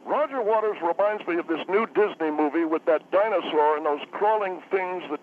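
Guy doing a ranting tv news caller, high voice, tinny phone sound, faint hiss. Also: moderate pace, lightly acted. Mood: indignant. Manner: indignant, rambling. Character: blustery male TV newsman calling in.

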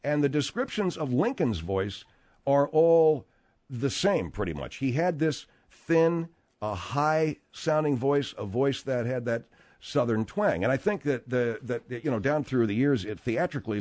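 A man's voice: medium pitch, lively intonation, normal speed, darkish tone. A man hosting a talk radio show, rambling with lots of restarts and asides. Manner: rambling, many fillers and restarts. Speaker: radio host.

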